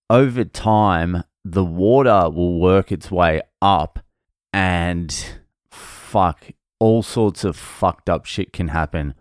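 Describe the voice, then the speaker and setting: A man with a low, smooth, resonant voice tells a blunt, swear-laden story about his day in a casual vlog. The sound is dry and close, with no room echo. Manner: profane, blunt, rambling storytelling. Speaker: vlogger recounting his work day.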